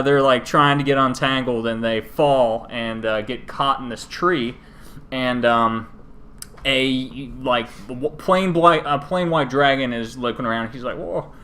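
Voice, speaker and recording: Male podcast co-host, mid-pitched, loose jokey recap with quick character voices. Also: fairly bright tone. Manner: jokey, rambling retelling with put-on character voices.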